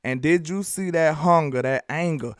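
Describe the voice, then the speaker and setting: A man from Alabama with a Southern accent giving animated, slangy football commentary, talking straight to his viewers. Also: a little high, moderate pace, clear, resonant tone, no room sound, studio quality. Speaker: sports commentary host. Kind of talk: casual sports commentary vlog.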